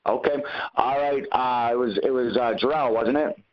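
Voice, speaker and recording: A man hosts a coaching call-in session and answers callers in an animated way, often acting out the dialogue he quotes. His voice sits at a middle pitch. The audio comes through muffled and lo-fi. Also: moderate pace. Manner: animated, acts out quoted conversations. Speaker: host answering callers' questions.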